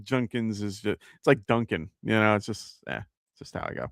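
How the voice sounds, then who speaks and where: A man's voice: on the low side, animated, normal speed, gravelly, fairly bright tone, no echo, studio quality. A man with a New York accent hosting a live fantasy football show, thinking aloud with lots of fillers and self-corrections. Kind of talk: casual live-stream advice.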